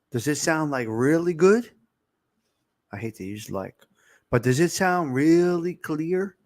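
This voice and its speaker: Speaking into a close desk mic, this New Jersey livestream host of Italian-American background chats casually, reading live comments and checking with viewers on his microphone's sound. He has a mid-range voice, and there's no room sound at all.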